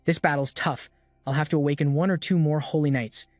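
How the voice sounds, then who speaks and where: A man voicing a calculating, wary young male leader, quiet and measured. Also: on the high side, steady tone, dry recording, studio quality, close to an everyday voice.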